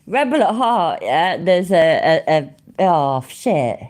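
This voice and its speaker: A woman's voice: on the low side, big pitch swings, takes it slowly, darkish tone. A woman hosting a live stream, chatting and reacting with sweary, laughing, mock-offended banter. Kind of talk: casual live-stream commentary.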